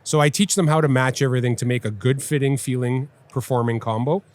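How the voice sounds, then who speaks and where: A man, a well-known angler and TV host, talking in a casual live podcast chat with an animated, emphatic, instructive way of telling stories. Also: mid-range voice, quick pace. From Canada. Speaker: guest angler and TV personality. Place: busy fishing trade show floor.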